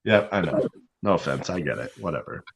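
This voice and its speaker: A man's voice: a bass voice, animated, brisk, slightly rough. A man co-hosting a casual chat, talking in an enthusiastic, joking manner. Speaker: podcast co-host.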